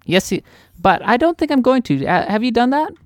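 A woman's voice: on the high side, big pitch swings, brisk, no room sound, studio quality. A woman from the US Midwest co-hosting a gaming podcast, chatty, enthusiastic and self-deprecating in casual conversation. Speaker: podcast co-host.

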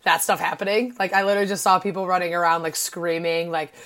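A woman in her twenties from Illinois, co-hosting a casual podcast and talking in an excitable, gushing way with lots of "like" fillers. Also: fairly low pitch, fast. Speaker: podcast co-host.

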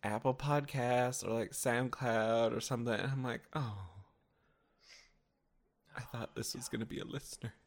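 A man's voice: mid-range voice, steady tone, moderate pace. A man co-hosting a podcast in casual chat, giggly and teasing. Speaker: podcast co-host.

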